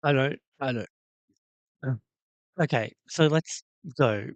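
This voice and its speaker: Slow, gravelly-voiced man chatting. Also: mid-range voice, no echo. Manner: rambling, hesitant, lots of ums and uhs. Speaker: toy restoration livestream host. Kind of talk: casual livestream chat reacting to a video.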